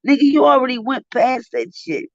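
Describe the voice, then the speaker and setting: A man's voice: very high-pitched, steady tone, moderate pace, gravelly, no room sound. A man giving heated, profane live commentary on a stream. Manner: profane, indignant, ranting. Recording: dull dry lo-fi stream audio.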